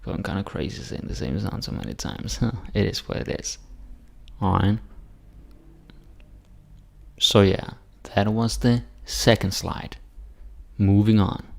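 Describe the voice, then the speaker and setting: Slow, gravelly man drilling Danish sounds. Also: fairly low pitch, a little mellow. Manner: slow, repetitive word drills with dry asides. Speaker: Danish teacher. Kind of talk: pronunciation lesson with repeated drills.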